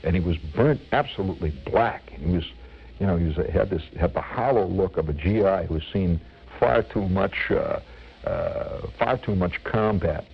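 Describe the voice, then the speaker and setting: An older man from Indiana recalls a wartime memory with a gravelly, lively voice that swings up and down, often restarting his phrases. The radio recording sounds dull and lo-fi, with faint music underneath. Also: deep voice, normal speed. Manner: animated reminiscing, restarts phrases. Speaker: storyteller. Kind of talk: personal war memory told on radio.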